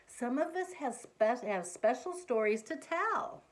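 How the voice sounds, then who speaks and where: A woman reading a picture book aloud to young children, gently coaxing them with questions as she points things out. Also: on the high side, big pitch swings, slow pace, few pauses. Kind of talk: children's read-aloud storytime.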